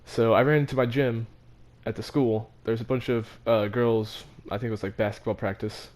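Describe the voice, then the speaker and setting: A man's voice: medium pitch, steady tone, normal speed, a little mellow. A teenage boy telling a story about his school in a casual, rambling, self-mocking way, with many fillers and restarts. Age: teens. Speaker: vlogger.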